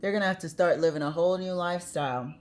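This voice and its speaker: A woman's voice: lowish voice, quick pace, darkish tone. A woman giving a casual tarot reading, chatty and blunt, with the odd swear word and easy laughter. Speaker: tarot reader.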